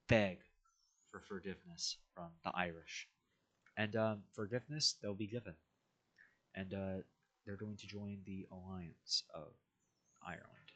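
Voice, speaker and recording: A man's voice: sits low, sharp tone. A man casually narrating an alternate history map timeline, rambling with wry asides and self-corrections.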